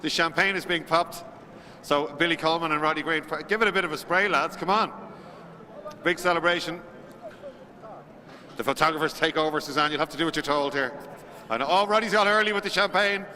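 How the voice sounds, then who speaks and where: A man's voice: a little high, fairly even intonation, brisk, pauses often, pushed and bright, big-room sound. An Irish man announcing live to a crowd at a race circuit, upbeat and chatty as he rallies the spectators.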